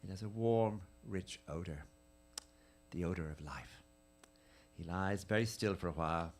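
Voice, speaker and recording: A man giving a dramatic reading of letters at a live tribute event, with an intimate, measured, lingering delivery. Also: deep voice.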